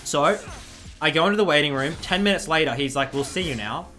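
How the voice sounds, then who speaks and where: A man's voice: a little high, brisk, faint music behind. A young man, telling a story to his stream in casual, swearing chat. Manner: swears a lot, animated retelling.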